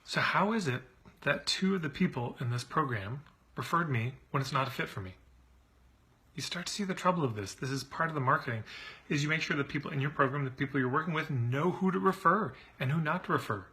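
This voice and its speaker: Exasperated man venting, bright voice. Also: on the high side, animated, brisk. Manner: frustrated, exasperated; repeats himself when worked up. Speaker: marketing coach. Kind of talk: casual venting monologue.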